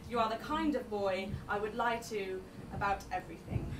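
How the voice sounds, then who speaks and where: A woman's voice: mid-range voice, fairly even intonation, normal speed. A young woman performing spoken word poetry live, with wry, self-deprecating chatter between poems. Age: young adult. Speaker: poet. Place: live event venue. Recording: echoey room, distant mic, venue noise.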